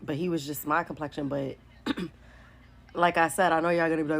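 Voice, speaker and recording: A woman's voice: low voice, fairly even intonation, a little fast, vocal fry, long pauses. A woman, telling a candid storytime to her phone camera, full of likes and whatevers. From New York City. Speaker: vlogger. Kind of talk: casual storytime monologue.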